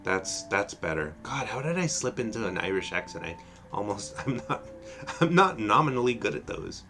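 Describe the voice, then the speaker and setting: A man casually commenting on a game he is streaming, with relaxed chuckles and self-mocking asides. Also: mid-range voice, fairly quick, faint music behind. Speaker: let's play streamer.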